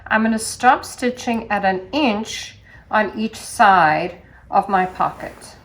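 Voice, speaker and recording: A woman calmly walking through a sewing demonstration step by step, in a gentle sing-song teaching manner. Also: mid-range voice, slow. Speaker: sewing instructor.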